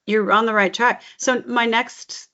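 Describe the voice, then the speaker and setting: A woman working as a dialect coach, patiently explaining stress and pitch and demonstrating phrases aloud. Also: steady tone, a little slow, sharp tone. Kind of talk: coaching session. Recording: slightly dull lo-fi recording.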